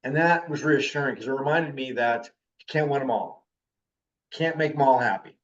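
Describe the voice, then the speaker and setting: A man in his fifties teaching a class, his talk intense. His voice sits at an ordinary pitch. It was recorded from a distance on a dull, lo-fi recording. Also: normal speed. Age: 50s. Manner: intense, animated talker.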